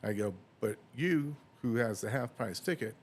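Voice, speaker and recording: A man's voice: mid-range voice, lively intonation, normal speed, slightly rough. A man on a podcast telling a long anecdote in casual chat, acting out dialogue and laughing often. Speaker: podcast host.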